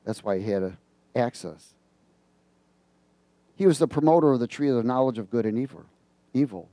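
Call-and-response preacher, a man with a mellow voice. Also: medium pitch, lively intonation, normal speed, no room sound. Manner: prompts the congregation to fill in words; reads scripture aloud and comments on it. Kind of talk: sermon.

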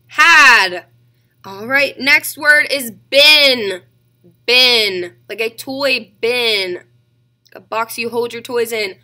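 A woman teaching a kindergarten reading lesson, sounding out letters slowly and clearly. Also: a little high, sharp tone.

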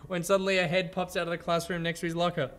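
A man's voice: high-pitched, little pitch movement, rapid-fire, a bit bright. A man hosting a let's play, reading game text aloud and joking with a co-host. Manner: playful, jokey, laughs easily.

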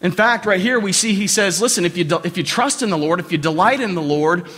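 A man's voice: high voice, fast, a bit bright, breathy edge. A man with a Southern American accent preaching a sermon as pastor, conversational, repeating phrases and putting questions to the congregation. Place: church sanctuary. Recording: long hall reverb.

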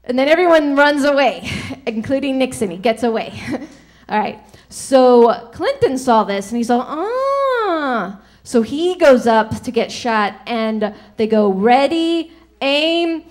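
A woman's voice: a little high, unhurried, darkish tone. A woman comedian doing a stand-up set, giggling as she tells a joke and acts out voices.

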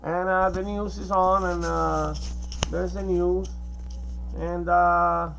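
A man whose first language is Spanish, talking in a hesitant, meandering monologue to camera with many filler pauses. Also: high-pitched, little pitch movement, creaky, noisy background. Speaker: video blogger. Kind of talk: casual rambling monologue to camera.

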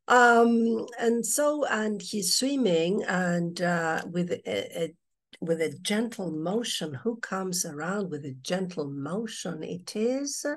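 A woman presenting an online teaching webinar on storytelling, speaking expressively with frequent hesitations. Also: mid-range voice. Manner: hesitant with fillers, expressive and animated.

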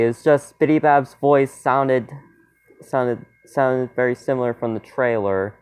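A man's voice: mid-range voice, darkish tone, clear, resonant tone. A young man doing casual let's play commentary, hesitant and rambling with fillers. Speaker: gameplay youtuber.

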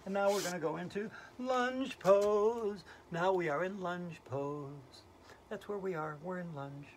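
Guy doing a slow dreamy giggly yoga lady, keeps cracking up mid-pose. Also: high-pitched, a little hiss or hum. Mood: soft coaxing. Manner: giggly, keeps breaking into laughter and swearing. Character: giddy quirky female yoga teacher wearing wings. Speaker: yoga instructor. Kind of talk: comedic character yoga lesson.

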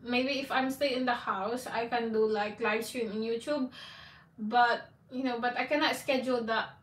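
A woman's voice: on the high side, fairly even intonation, moderate pace, recorded from a distance. A woman vlogger chatting casually to her viewers, rambling and candid with frequent exclamations. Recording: echoey room, voice off-mic.

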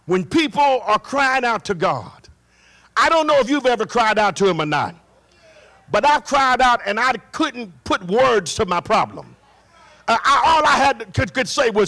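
A man pastor preaching a sermon in church, building from talk to shouted, singsong passages. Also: extremely high pitch, lively intonation, measured pace. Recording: live church recording.

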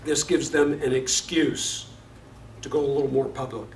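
This Bible study teacher from Florida has a mid-range, creaky voice with a steady tone and normal speed. He keeps the lesson conversational and asks the class lots of questions, and the far-off mic picks up an echoey room and slight background noise.

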